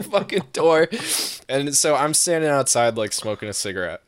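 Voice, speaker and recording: A man's voice: mid-range voice, lively intonation, moderate pace, few pauses, no room sound. A young man tells a rambling, profane anecdote in casual podcast talk, full of fillers and "right?" tags, and he keeps breaking into laughter. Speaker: storyteller.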